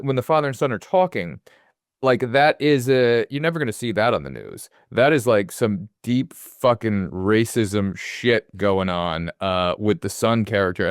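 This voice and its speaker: A man's voice: lowish voice, clean tone, no room sound, clean studio sound. A man in his forties co-hosting a film podcast, talking casually and rambling with lots of fillers and restarts. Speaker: podcast co-host.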